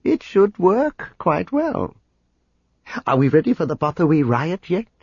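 Man voicing a sly schemer, smooth, self-assured, audiobook. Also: a little high, animated, fast talker, darkish tone, no room sound, lo-fi sound, pitched above the performer's own voice.

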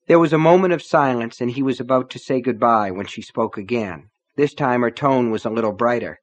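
A man reading an audiobook as the narrator, with a measured, even delivery. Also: medium pitch, dry recording. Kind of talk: scripted narration.

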